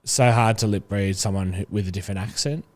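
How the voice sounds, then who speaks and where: Chatty man, fairly low voice. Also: fairly even intonation, a little fast. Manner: chatty, rambling with many fillers. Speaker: podcast guest. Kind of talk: casual chat.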